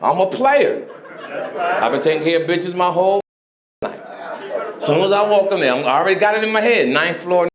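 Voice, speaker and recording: A man in his sixties doing brash, crude, animated stand-up storytelling on a comedy club stage. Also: high-pitched, moderate pace, long pauses, crowd noise. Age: 60s. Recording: roomy, muffled club sound. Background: loud audience laughter and noise.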